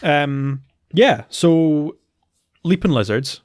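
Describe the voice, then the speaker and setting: A man's voice: on the high side, lively intonation, very slow, no echo. A man co-hosting a podcast, chatting casually and recapping plots with plenty of fillers. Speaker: podcast co-host. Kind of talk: casual chat.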